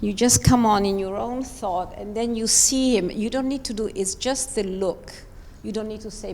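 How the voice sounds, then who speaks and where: A woman's voice: mid-range voice, fairly even intonation, normal speed, a little mellow, slight background noise. Emphatic woman coaching in a reverberant hall. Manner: encouraging, emphatic, talks through the steps. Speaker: ballet coach. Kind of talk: live rehearsal coaching. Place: large performance studio.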